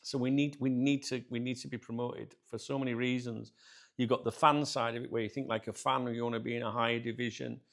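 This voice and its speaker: A British man tells a story straight to his viewers in a loose, chatty way. His voice has a gravelly edge and sits at a middle pitch. He laughs often and keeps calling his audience guys. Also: little pitch movement, a little fast, fairly bright tone. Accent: British English. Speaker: channel host.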